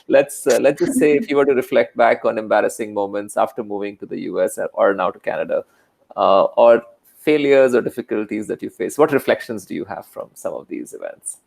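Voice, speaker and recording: A man's voice: on the low side, brisk, vocal fry, darkish tone. A man interviewing a guest in a friendly, casual way, with short affirmations and laughs.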